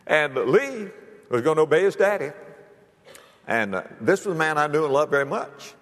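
A preacher delivers a storytelling sermon, his pitch rising and falling in lively swings as he acts out the voices. He jumps from loud calls down to near-whispers. His voice carries with a long hall reverb around it. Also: a little fast. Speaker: pastor.

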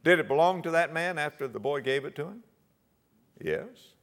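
A man preaching a sermon, quoting scripture in old-fashioned wording and swinging his voice high and low for emphasis. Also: expressive, normal speed, fairly bright tone. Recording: long hall reverb.

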